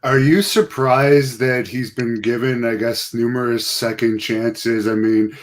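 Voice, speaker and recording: A man's voice: medium pitch, fairly even intonation, measured pace. A man hosting a casual live interview, reading out fan questions in a matter-of-fact way.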